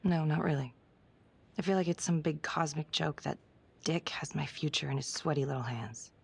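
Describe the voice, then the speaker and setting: Game detective, low gravelly husky voice, sarcastic and weary. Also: female voice, fairly even intonation, moderate pace, a little mellow, exaggerated voice. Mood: sardonic. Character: sardonic female homicide detective under investigation. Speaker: police detective.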